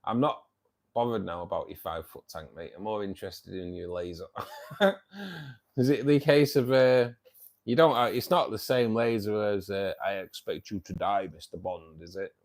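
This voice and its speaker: Hosting a fishkeeping livestream, a man reads viewer comments and chats casually in a lowish, animated voice with a darkish tone at normal speed. He jokes, teases, and laughs often.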